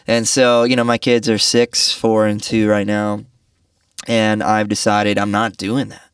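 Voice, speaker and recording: A man in his thirties, a podcast guest, talking earnestly in a reflective, halting way with many restarts. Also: lowish voice, little pitch movement, smooth, no room sound, studio quality, recorded from a distance. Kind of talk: reflective casual conversation.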